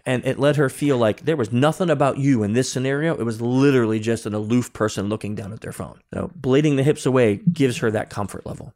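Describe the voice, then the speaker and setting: A middle-aged man as a podcast guest, telling lively anecdotes and explaining them step by step in a casual way. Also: mid-range voice, quick pace, few pauses. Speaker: guest, security consultant and author. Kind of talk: casual interview storytelling.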